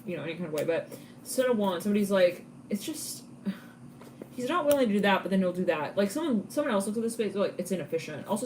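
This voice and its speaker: A woman giving a live tarot reading in a chatty, casual way, laughing often and breaking into quick asides. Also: lowish voice, a little mellow, slight background noise. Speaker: tarot reader.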